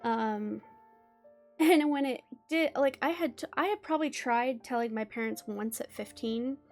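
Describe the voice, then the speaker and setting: Animated woman co-host, fairly high voice, emphatic casual chat. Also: measured pace, faint music behind. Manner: animated and emphatic, laughs easily. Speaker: podcast co-host.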